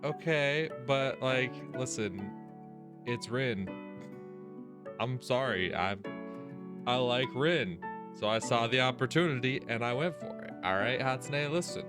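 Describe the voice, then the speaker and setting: A man's voice: medium pitch, lively intonation, slow pace, pauses often. A man hosting a let's play, reading a visual novel's text aloud and reacting with frequent swearing and laughter. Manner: swears freely, laughs, reacts loudly to scares. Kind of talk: casual gaming commentary and reading game text aloud. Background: game music.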